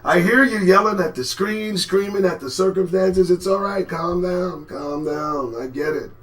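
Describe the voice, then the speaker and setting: A man hosting a live commentary show, talking in a sarcastic, profane way and swinging from low mutters to sudden shouts. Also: moderate pace. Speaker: host.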